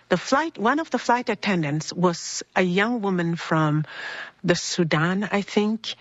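A woman's voice: on the low side, fairly bright tone, husky, no echo, muffled recording. A woman earnestly telling a personal faith story, acting out the people in it as she goes. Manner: earnest, acts out quoted people in her story. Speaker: speaker sharing a personal faith testimony.

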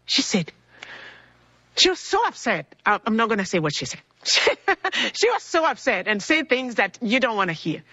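A woman's voice: fairly high pitch, normal speed, long pauses, no echo, dull audio. A woman from Congo, telling a personal story and acting out dialogue in voices, in a cold building. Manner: animated, acts out dialogue in voices.

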